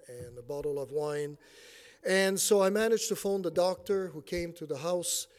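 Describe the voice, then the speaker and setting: A middle-aged male preacher with a Quebec French accent and a fairly high voice. He preaches in a loose, joking way, full of "uh"s, and drops his voice low and soft for the heavy moments. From Quebec City, Canada. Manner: self-deprecating jokes, many fillers, drops to quiet for serious points. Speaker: preacher and theology teacher. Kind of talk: sermon with personal story.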